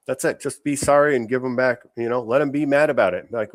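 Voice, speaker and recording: A man delivers rough-edged political commentary, blunt and full of swearing. He sounds close to the mic, with no room around him. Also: mid-range voice, fast talker, hardly any pauses, no echo. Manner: blunt, profane, ranting. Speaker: podcast host.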